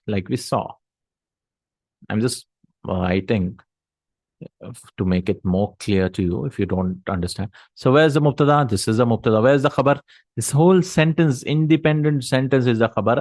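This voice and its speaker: A man's voice: lowish voice, no echo. A man teaching Arabic grammar in a recorded lesson, explaining step by step and answering his own questions.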